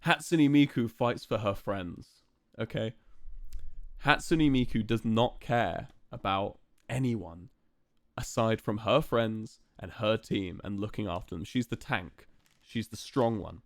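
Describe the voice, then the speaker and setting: A man's voice: fairly low pitch, unhurried, no room sound. A young man streaming live, chatting casually and playfully to his viewers with lots of fillers.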